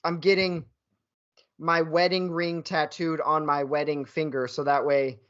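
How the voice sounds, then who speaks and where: A man's voice: flat delivery, measured pace, fairly bright tone, clean tone. A man in his thirties co-hosting a podcast in casual chat, joking and laughing often. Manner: laughs often, jokey, puts on a booming game-show voice at times. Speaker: podcast co-host. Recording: muffled lo-fi podcast audio.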